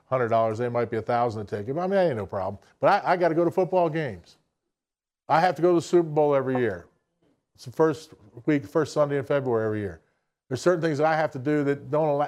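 Mid-range in pitch with a darkish tone, a man addresses an audience as a business speaker. His motivational talk is plainspoken and folksy.

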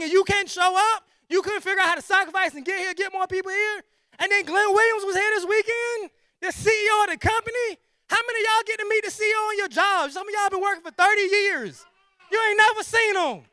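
A man giving an energetic, preachy motivational sales presentation, full of rhetorical questions and repetition. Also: very high-pitched, no room sound, clean studio sound. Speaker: sales team leader.

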